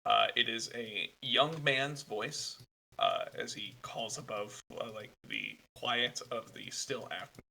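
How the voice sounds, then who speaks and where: A man's voice: medium pitch, animated, takes it slowly, creaky, pushed and bright, rough recording. A man narrating a tabletop game as game master, rambling with lots of fillers.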